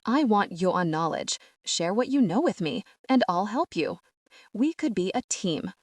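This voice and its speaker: A woman's voice: medium pitch, very animated, a little slow, no room sound. A woman voicing an earnest, guarded young queen in an audiobook, speaking in a pressing way.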